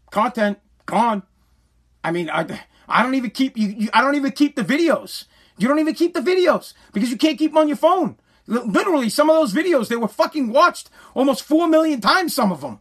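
A man's voice: extremely high pitch, lively intonation, brisk, breathy edge. A man hosting a solo podcast, ranting in a profane, agitated way and stammering often. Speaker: podcast host.

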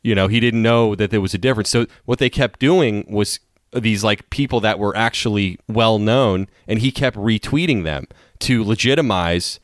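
A man's voice: on the low side, normal speed, dry recording, studio quality. A man co-hosting a casual podcast chat, telling rambling stories and laughing often. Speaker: podcast co-host.

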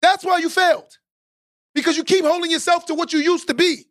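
A man with a strikingly high voice hosts a podcast and preaches motivation at the listener. He hammers his points home by repeating lines and climbs into shouted exhortations. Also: fairly even intonation, fairly quick. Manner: emphatic and preachy, repeats key lines for stress. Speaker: podcast host.

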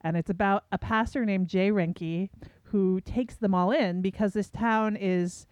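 A woman's voice: medium pitch, steady tone, unhurried, a little mellow, dry recording. A woman co-hosting a film podcast, chatting casually and walking through a story with fillers. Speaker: podcast co-host. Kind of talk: casual film review chat. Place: New York City studio.

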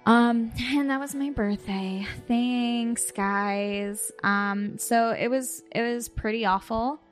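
A woman podcast host telling a story casually over a video call, animated, laughing and swearing as she goes. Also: fairly high pitch, slow, faint music behind.

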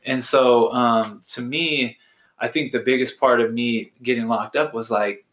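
A man talking as a podcast guest, reflective and halting, with many restarts. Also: mid-range voice, steady tone, fairly bright tone, reverberant, slight background noise. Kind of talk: casual conversation.

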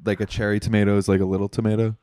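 A man's voice: lowish voice, flat delivery, very fast, warm tone, a little hiss or hum. A man co-hosting a podcast, joking around and firing off playful questions in casual chat. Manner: jokey, fires off playful questions. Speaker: podcast co-host.

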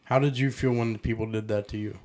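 A man's voice: on the low side, fairly even intonation, fast talker, a little mellow. Earnest, blunt man giving advice. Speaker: podcast co-host. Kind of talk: casual podcast chat.

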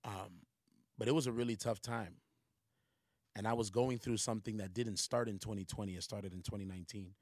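A man's voice: fairly low pitch, steady tone, brisk, darkish tone, no echo, studio quality. A man giving a casual, slangy sermon to a livestream audience, talking conversationally and rising into emphatic preaching.

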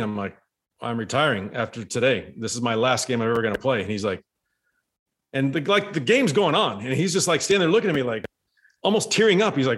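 Ex-ballplayer man, chatty storyteller, lively rambling delivery. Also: mid-range voice, quick pace. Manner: rambling, animated storytelling with restarts. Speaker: former baseball player. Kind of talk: casual storytelling chat.

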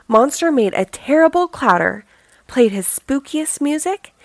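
A woman reads a picture book to young children, taking her time over each line. Her voice sits fairly high and rises and falls a great deal. The sound is close and dry, with no room echo. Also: vocal fry. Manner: slow, expressive storytelling. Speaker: children's story reader. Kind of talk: reading a picture book aloud.

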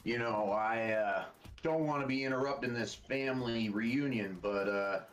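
A man voicing an old cowboy mercenary with a slow drawl, laconic and wry. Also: mid-range voice, far from the mic, natural voice.

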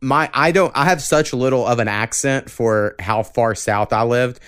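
A podcast host from southern Oklahoma chats loosely, swearing casually and running his thoughts together. His voice is smooth and resonant at a middle pitch. The sound is close and dry. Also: normal speed, no echo. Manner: relaxed, profane, talks in loose run-on bursts.

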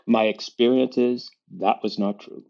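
A man around sixty with a Boston accent, a guest author speaking in a wry, self-deprecating way, with quick bursts of talk. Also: medium pitch, fairly even intonation, gravelly, a little mellow. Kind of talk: conversational interview. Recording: slightly dull lo-fi audio.

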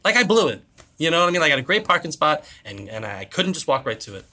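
Bright-voiced animated dad on a podcast. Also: male voice, very fast. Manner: animated storyteller, acts out quotes with big pitch jumps. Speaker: podcast co-host. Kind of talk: casual chat.

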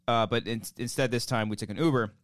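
A man co-hosting a podcast, telling an animated story and acting out the voices in it. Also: mid-range voice, quick pace, dry recording. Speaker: podcast co-host. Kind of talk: casual chat.

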